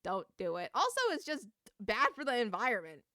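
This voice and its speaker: A young woman streaming a game, ranting casually with swearing and quick laughs while chatting to viewers. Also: fairly high pitch, very animated, sharp tone, dry recording, studio quality. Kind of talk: casual gaming stream chat.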